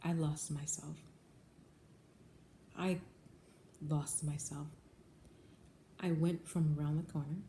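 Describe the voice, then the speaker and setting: A woman's voice: deep voice, flat delivery, slow, long pauses, mellow. Earnest woman telling a story to camera. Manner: earnest, repetitive, addresses viewers as guys. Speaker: bagel shop general manager. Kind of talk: casual storytime vlog. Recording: echoey room, faint background noise.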